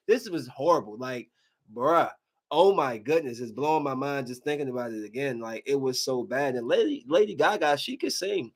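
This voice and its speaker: A man hosting a podcast, giving a casual, slangy movie review with emphatic rants and quick asides. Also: medium pitch, expressive. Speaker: podcast host.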